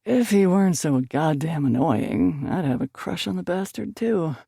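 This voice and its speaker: A man's voice: sits high, expressive, normal speed, vocal fry, mellow, slightly rough, no echo, clean studio sound, heavily acted. A woman doing a teasing, bossy young man. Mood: playful.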